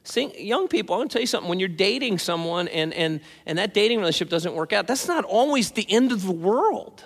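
A man preaching a sermon as pastor, talking in an animated, conversational way with frequent asides. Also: very high voice, fast talker, hardly any pauses. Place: church sanctuary. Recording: long hall reverb.

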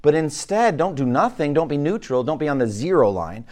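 A man's voice: on the high side, lively intonation, brisk, darkish tone. A male pastor giving a conversational sermon, asking his listeners questions and often restarting his words. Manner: conversational teaching, asks the room questions.

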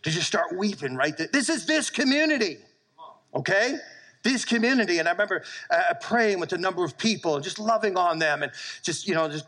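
Middle-aged guy preaching in church, bright tense voice, lively stories, keeps asking for amens. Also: high voice, a little fast, low-quality recording. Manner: animated storytelling preacher, calls for amens. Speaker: pastor. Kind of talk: sermon.

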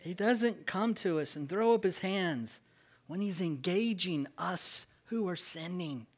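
A male pastor delivers a sermon, leading his congregation in call-and-response. He speaks slowly and emphatically, leaning on key words with lively swings in pitch.

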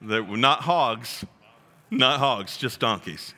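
A male pastor preaching a sermon in a joking, animated way, acting out the quotes he reads. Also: mid-range voice, takes it slowly, long reverb tail. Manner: jokey, animated, acts out quotes.

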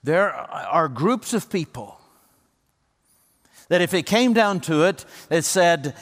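A man preaching a sermon as pastor, earnest and emphatic, slowing down and lifting his voice for the words he quotes. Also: a little high, animated, in a large hall.

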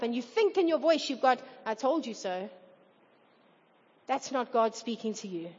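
High-voiced woman preaching a sermon. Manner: earnest, acts out quoted voices. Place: church hall. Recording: dull reverberant hall recording.

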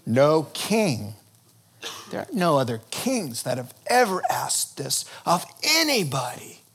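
Animated, joking male preacher. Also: on the high side, slow, slight background noise. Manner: animated, humorous storytelling. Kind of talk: sermon.

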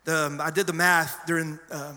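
A middle-aged pastor preaching a sermon, telling stories conversationally with sudden loud emphasis. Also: male voice, fairly high pitch, level tone, moderate pace. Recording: long hall reverb.

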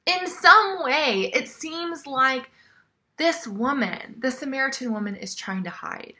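A woman preaching a sermon in a conversational way, often dropping to a soft near-whisper. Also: sits high, takes it slowly.

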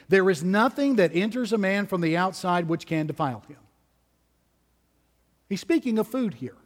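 A man preaching with slow, deliberate emphasis, leaning hard on key words. His voice is pitched high for a man. A long reverb hangs around him as if he stands in a large hall. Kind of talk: expository sermon.

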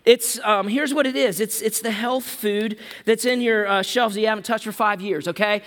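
Joking, high-voiced pastor in a reverberant hall. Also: male voice, moderate pace, a bit bright. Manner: humorous, conversational preaching with playful asides. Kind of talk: sermon.

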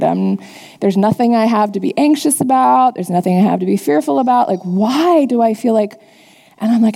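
Gravelly-voiced woman preaching in a reverberant hall. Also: on the high side, brisk, warm tone. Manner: earnest, confessional storytelling to a congregation. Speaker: church teacher. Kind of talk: sermon with personal testimony.

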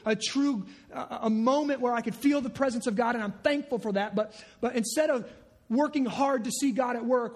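A pastor preaching a sermon with animated energy, often dropping to low, muttered asides and rhetorical questions to the congregation. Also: male voice.

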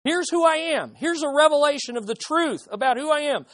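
A woman's voice: high-pitched, lively intonation, a little fast, no room sound, studio quality. A woman preaching a sermon, putting rhetorical questions to the audience with emphasis.

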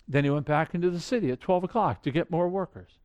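A man preaching a sermon, animated, asking rhetorical questions and swinging between loud and quiet. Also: on the high side, quick pace. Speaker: pastor.

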